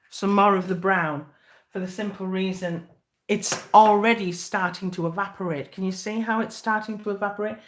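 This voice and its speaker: A middle-aged woman giving a live cake decorating demonstration, chatty and encouraging with many fillers. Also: medium pitch.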